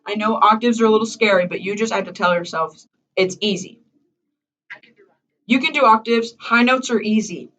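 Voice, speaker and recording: A woman's voice: mid-range voice, moderate pace, fairly bright tone, highs cut off. Woman coaching a singing lesson, far-off mic. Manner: encouraging, chatty, demonstrates by singing. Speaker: voice teacher.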